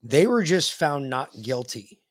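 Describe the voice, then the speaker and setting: Man podcast co-host, fairly high voice, dry close sound, animated storytelling. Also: measured pace, no room sound. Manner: animated storyteller, shouts quoted lines. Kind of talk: casual storytelling.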